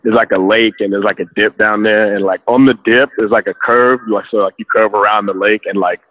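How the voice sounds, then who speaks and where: A man's voice: on the low side, steady tone, brisk, no echo. A young man from New York with a New York accent, telling stories in a casual, profane interview full of slang. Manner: profane, laid-back storytelling with slang. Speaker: guest. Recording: tinny phone-like line.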